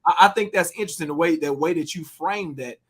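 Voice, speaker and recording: A man co-hosting a podcast in casual talk, earnest and quick to affirm. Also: fairly high pitch, breathy edge. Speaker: podcast co-host.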